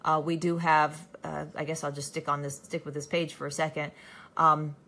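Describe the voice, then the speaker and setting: A woman's voice: deep voice, little pitch movement, moderate pace, pushed and bright. A woman hosting a casual live stream, tired, reading out viewer comments and answering them by name with many fillers and restarts.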